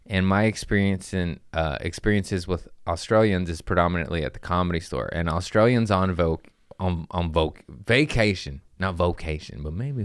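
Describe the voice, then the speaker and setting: Deep-voiced man telling rambling stories. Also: dry recording, studio quality. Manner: rambling, self-mocking, slangy, acts out quotes. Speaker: comedian host. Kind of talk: casual storytelling. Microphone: podcast mic.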